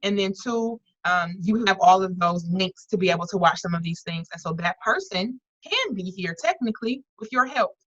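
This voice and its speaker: A woman's voice: medium pitch, lively intonation, moderate pace, hardly any pauses, a bit bright, dry recording, highs cut off. A woman leading an online workshop, talking earnestly and conversationally with frequent restarts and fillers over a video call. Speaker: workshop facilitator.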